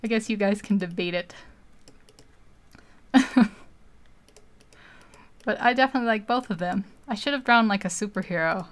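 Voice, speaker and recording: Woman, live-stream chat, smooth clear voice, rambling, laughs a lot. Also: medium pitch, normal speed, long pauses. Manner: rambling, chatty, laughs often.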